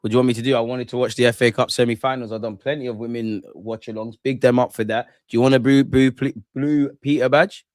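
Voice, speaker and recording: Here the young football streamer talks fast with few pauses, his mid-range voice fairly even in intonation and free of room sound. He commentates the match live in a casual, slangy rant, responding to viewers as he goes.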